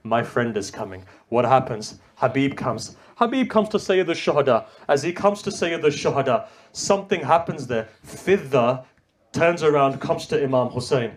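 A man giving an impassioned mourning sermon, swinging between loud cries and hushed tones and using Arabic religious terms. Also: a little high, expressive, moderate pace. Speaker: religious reciter.

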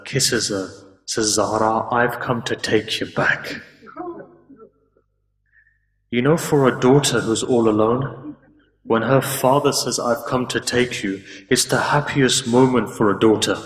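Male preacher, mid-pitched, emotive sermon delivery, recorded from a distance in a roomy hall. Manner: emotive, slows and drops to near a hush at sad moments. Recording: roomy hall with long reverb, from far off.

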